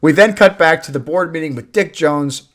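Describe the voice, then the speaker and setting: A man's voice: fairly high pitch, normal speed, background noise. A man hosting a casual movie review chat, recapping the plot with swearing and laughter. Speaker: movie review podcast host.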